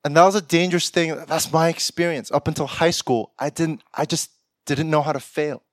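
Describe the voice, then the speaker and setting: A man's voice: a little high, steady tone, brisk, no echo, clean studio sound. A young man giving a sermon, often laughing and acting out the lines of people he imagines. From Korean heritage. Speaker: pastor. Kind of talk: sermon with acted-out quotes.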